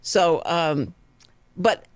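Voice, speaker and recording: A woman with a Texan accent hosting a local morning radio talk show, telling stories in a chatty, animated way. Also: on the low side, extremely slow, no room sound. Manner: chatty, animated storytelling with laughs. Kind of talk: casual radio chat. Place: radio studio. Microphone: studio microphone.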